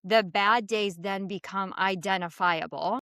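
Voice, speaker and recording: A middle-aged woman hosts an interview in an earnest, thoughtful way, drawing out her guest with questions. Her voice is smooth and clear at a medium pitch, close and dry on the microphone. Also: fairly even intonation, measured pace, a bit bright, dry recording. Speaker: podcast host, first responder's spouse. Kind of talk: casual interview hosting.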